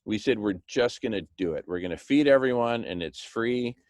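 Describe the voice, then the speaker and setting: A man talking with enthusiasm, pitching a plan and acting out little scenes, with "right?" thrown in often. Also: expressive, moderate pace, a little mellow, no room sound. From Hispanic background, speaks Spanish. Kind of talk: animated monologue.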